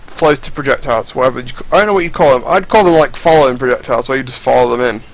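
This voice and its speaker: A man's voice: medium pitch, rapid-fire, poor audio. A young man giving casual, rambling, profane commentary over fighting game footage, often restarting his sentences.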